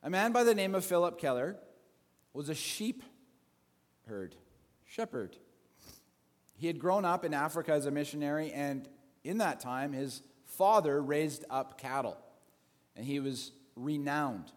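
A male pastor with a fairly high voice and lively intonation tells a story in his sermon, speaking a little slowly and pausing often. He talks conversationally with restarts and asides, and the church sanctuary adds a long hall reverb.

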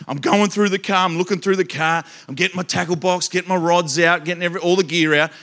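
A man with an Australian accent preaching a sermon, telling comic stories in an animated, joking way and talking straight to the crowd. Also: high-pitched, quick pace.

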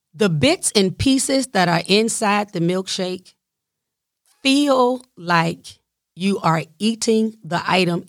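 A woman's voice: medium pitch, no room sound, clean studio sound. A woman with a Southern US accent telling a personal caregiving story in a chatty, digressive way, with playful asides to her listeners. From Southern United States. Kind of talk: casual storytelling monologue.

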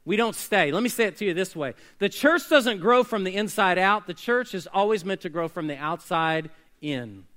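A man preaching a sermon as pastor, swinging between loud emphatic bursts and quiet hushed lines. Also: sits high, lively intonation, normal speed, hardly any pauses. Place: church sanctuary.

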